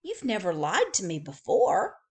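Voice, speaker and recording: A woman voicing a stern but caring mother rabbit who asks firm, measured questions. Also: mid-range voice, wildly swooping pitch, darkish tone.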